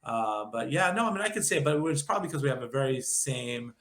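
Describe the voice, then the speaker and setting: A man's voice: medium pitch, lively intonation, quick pace, a bit bright, roomy sound. A man in his fifties with a nasal New York accent, rambling upbeat and jokey as an interview guest. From Long Island, New York. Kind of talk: casual interview chat.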